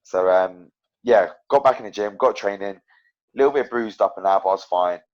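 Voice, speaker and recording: Low-voiced man, rambling on a muffled line. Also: brisk. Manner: rambling, full of fillers and restarts, animated storytelling. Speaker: professional MMA fighter, guest. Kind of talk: casual interview chat. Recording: dull lo-fi podcast audio.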